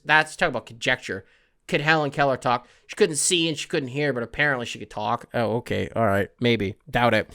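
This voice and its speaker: A man's voice: on the high side, pushed and bright, clean tone. A man hosting a comedy podcast, rambling through absurd bits and acting out voices. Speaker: podcast host. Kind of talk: comedic solo riffing.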